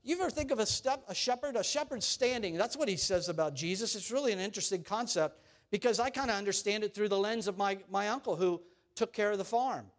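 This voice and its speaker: A man preaching a sermon, animated and storytelling, rising and falling in volume. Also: high voice, fast. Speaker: pastor.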